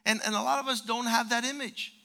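A man preaching a sermon as pastor, animated, jumping from quiet asides to loud shouts. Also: very high-pitched, quick pace, gravelly.

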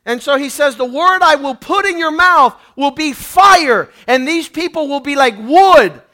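A man preaching with a very high voice that is bright and forceful. He reads scripture aloud, then builds each point into loud, emphatic exhortation. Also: expressive, measured pace. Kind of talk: sermon.

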